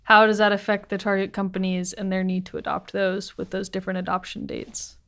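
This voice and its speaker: A woman's voice: medium pitch, fairly even intonation, brisk, a bit bright. A woman hosting a podcast, asking the guests short, light questions. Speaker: podcast host. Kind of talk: interview questions.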